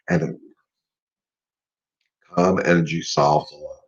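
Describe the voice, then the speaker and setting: A man's voice: fairly low pitch, normal speed, pauses often, a little mellow, breathy edge, dull audio. A middle-aged man hosting a live dog-training Q&A, talking casually and emphatically, repeating his points as he coaches. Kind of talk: casual live-stream talk.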